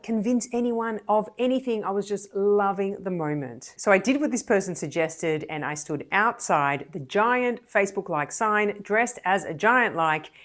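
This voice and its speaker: A young Australian woman, a communication coach, telling a personal story to camera with animated, expressive delivery. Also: medium pitch.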